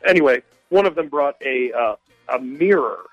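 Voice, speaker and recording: A man's voice: mid-range voice, lively intonation, moderate pace, dry recording, soft background music. A male caller telling a long story on a radio call-in show, rambling and hesitant with many fillers. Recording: dull, dry phone line.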